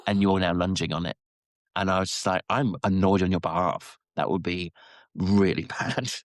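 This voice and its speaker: A man co-hosting a casual podcast chat, telling stories with halting restarts. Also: steady tone, dry recording, clean studio sound. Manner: rambling storyteller, halting restarts, squeaky quoted voices. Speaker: podcast co-host.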